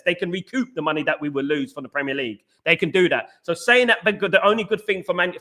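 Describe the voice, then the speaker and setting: Reading out the live chat, this East London podcast host speaks in a high, bright voice during casual live-stream commentary. Argumentative and animated, he calls chatters by name and keeps falling back on "at the end of the day."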